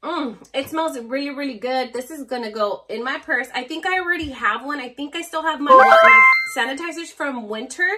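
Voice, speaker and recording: A woman's voice: sits high, moderate pace, hardly any pauses, noisy background. A woman with a Spanish accent, a native Spanish speaker, chatting casually and gushingly as she unboxes beauty products. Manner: bubbly, gushing, laughs often. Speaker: beauty vlogger.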